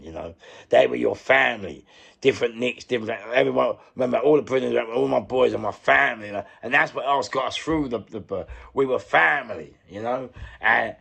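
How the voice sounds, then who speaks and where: A man's voice: mid-range voice, gravelly, fairly bright tone, slightly rough. A middle-aged man with a London accent, an interview guest who tells his story in a rambling, candid way, repeating himself, searching for words and swearing freely. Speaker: interview guest, former prisoner.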